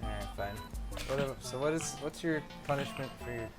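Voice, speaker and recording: A man co-hosting a live hardware show, joking and teasing in casual banter, slightly hoarse. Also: medium pitch, a little fast, over loud music. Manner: joking, teasing, laughs often. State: losing his voice. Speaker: co-host.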